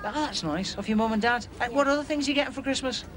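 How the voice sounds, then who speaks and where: A high-pitched man rattles along at a breakneck pace, chatting eagerly with kids. He talks outdoors on a beach, full of quick questions and asides. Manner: excitable, fast, chatty with children. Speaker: outside broadcast presenter. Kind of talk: lively live interviews on a beach.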